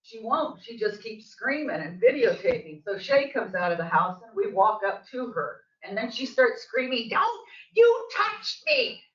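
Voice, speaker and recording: A woman's voice: medium pitch, lively intonation, normal speed, few pauses. Agitated older woman in an echoey hall. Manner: agitated, emphatic storytelling, voice rising toward the end. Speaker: local resident giving public comment. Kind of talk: public comment at a board meeting. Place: district office meeting room. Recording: distant, echoey, dull meeting-room audio.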